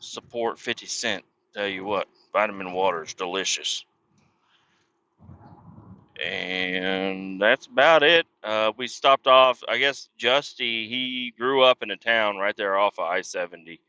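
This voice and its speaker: A man's voice: fairly low pitch, a little slow, bright, forceful tone, clean tone. A man hosting a podcast, telling a rambling, profane story about his day in casual talk. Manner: profane, rambling, swears constantly. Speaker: podcast host. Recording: dull lo-fi, dry.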